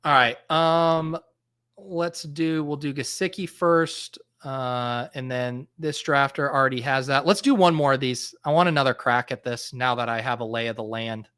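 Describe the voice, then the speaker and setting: A man's voice: mid-range voice, normal speed, fairly bright tone, clean tone. A man in his thirties hosting a live stream in casual chat, thinking aloud with lots of fillers and restarts. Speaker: fantasy football podcast host.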